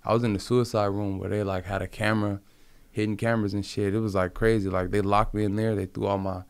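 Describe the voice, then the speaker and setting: A man's voice: lowish voice, little pitch movement, fast, clear, resonant tone, no room sound. A man from Compton being interviewed, speaking in a rambling, profane, slang-filled casual way. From Compton, California. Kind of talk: casual conversational storytelling.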